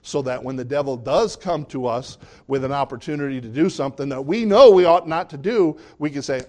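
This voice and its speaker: A man preaching a sermon as pastor, animated, jumping up to high emphatic bursts and dropping low for asides. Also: a little fast, hardly any pauses.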